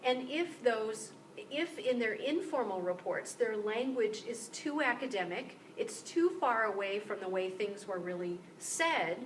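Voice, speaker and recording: A woman instructor giving a recorded lecture, explaining clearly and slowing down to model example sentences. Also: fairly high pitch, expressive, a little hiss or hum, poor audio. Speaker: university instructor. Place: room with motion-sensor lights.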